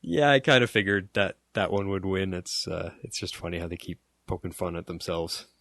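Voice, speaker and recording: A man's voice: low voice, fairly even intonation, moderate pace, gravelly, a bit bright, no echo. A man co-hosting a podcast in a laid-back, casual chat, chuckling often. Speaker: podcast co-host.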